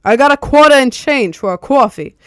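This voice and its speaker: A woman putting on a loud, pushy stereotype voice with an exaggerated New York accent. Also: high voice, expressive, a little fast, clean tone, no echo, studio quality, pitched above the performer's own voice. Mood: brash.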